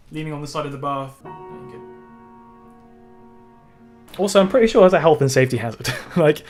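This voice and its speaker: Sarcastic guy reacting with swears. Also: on the high side. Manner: sarcastic, swearing, laughing often. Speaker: reaction video host. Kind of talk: casual reaction commentary.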